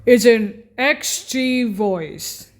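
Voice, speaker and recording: A woman explaining keyboard voice settings in a casual way, halting and often correcting herself and apologizing. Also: on the high side, animated. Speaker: keyboard instructor.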